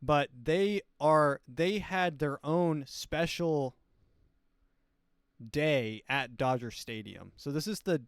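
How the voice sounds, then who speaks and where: A man hosting a comedy podcast, rambling casually with lots of fillers and deadpan asides. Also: fairly high pitch, takes it slowly, clear, resonant tone, no room sound, clean studio sound. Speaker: podcast host.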